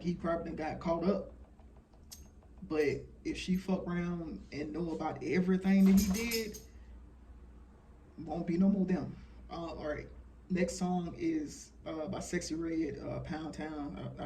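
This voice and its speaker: A man's voice: a little high, fairly even intonation, measured pace, warm tone, recorded from a distance, a little hiss or hum. Frank man in his thirties, off-mic. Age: 30s. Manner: frank, profane, rambling with fillers. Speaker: channeler sharing messages. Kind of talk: casual monologue.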